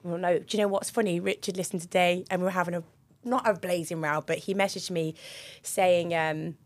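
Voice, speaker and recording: A woman's voice: on the low side, fairly even intonation, a little fast. A young woman co-hosting a podcast in casual chat, giggly and reading out listener messages. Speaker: podcast co-host.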